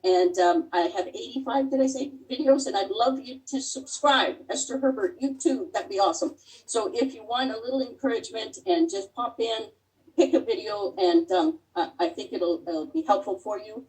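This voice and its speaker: A woman's voice: on the high side, a little mellow. Earnest middle-aged woman, distant mic. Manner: earnest and heartfelt, with many pauses and fillers. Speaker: guest speaker. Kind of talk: personal testimony talk. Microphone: video call.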